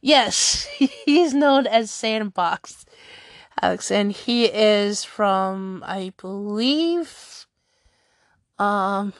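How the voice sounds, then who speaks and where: A woman's voice: medium pitch, big pitch swings, very slow, no echo, studio quality. A woman chatting casually in a vlog, rambling with frequent laughs and restarts.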